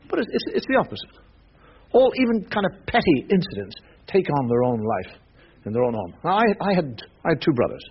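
An older man doing stand-up storytelling, acting out his parents' voices in animated, exasperated rants. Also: mid-range voice, breathy edge. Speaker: stand-up comedian. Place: theatre stage with audience. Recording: dull lo-fi live recording with loud audience.

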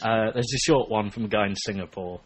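A man's voice: lowish voice, fairly quick, slightly rough. A man co-hosting a podcast, chatting in a joking, self-mocking way with hesitant fillers. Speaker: podcast co-host. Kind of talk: casual chat.

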